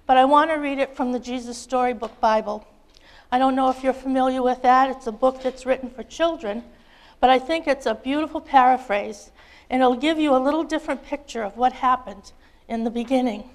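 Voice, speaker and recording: Earnest woman teaching a Bible lesson. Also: high-pitched. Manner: earnest and gentle, with soft fillers. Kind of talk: Bible lesson with a read-aloud children's story.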